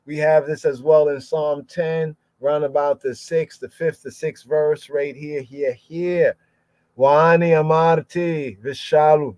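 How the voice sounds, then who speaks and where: Slow, repetitive male scripture teacher. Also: fairly high pitch, fairly even intonation, a little mellow, no room sound. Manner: repeats words and phrases many times, sounding out terms. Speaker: Bible teacher. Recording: dull lo-fi podcast audio.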